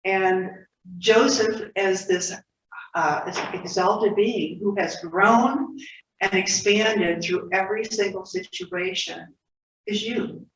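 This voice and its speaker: A woman giving a sermon at a spiritual center in a conversational storytelling manner with asides. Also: medium pitch. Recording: roomy, distant, dull hall audio with faint noise.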